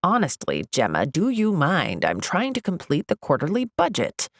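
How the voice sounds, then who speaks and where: Casting: woman doing a clipped, irritable coworker with a low, gravelly voice. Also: big pitch swings, a little slow, a bit bright, dry recording, studio quality, heavily acted. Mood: irritated. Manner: curt, clipped. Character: terse, irritable female office coworker.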